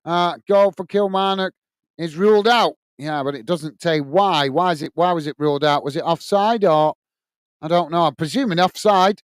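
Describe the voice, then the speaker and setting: Male watch-along host, high clean voice, dry close mic, easygoing match chat. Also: normal speed, smooth, no room sound. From United Kingdom. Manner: friendly, reads out viewer messages, frequent "mate" and "uh" fillers; excited goal call. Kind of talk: live football watch-along commentary and chat.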